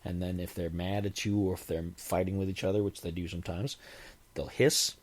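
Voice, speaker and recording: Rambling low-voiced man hosting a podcast. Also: flat delivery, brisk. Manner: chatty, self-deprecating, imitates cat sounds. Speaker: podcast host. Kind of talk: casual rambling monologue.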